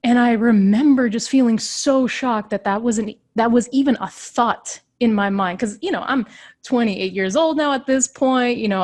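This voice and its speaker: A woman's voice: fairly high pitch, a little mellow. Earnest woman coach telling her story. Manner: earnest, heartfelt, shifting tempo while recounting. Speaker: leadership coach. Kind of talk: motivational personal storytelling.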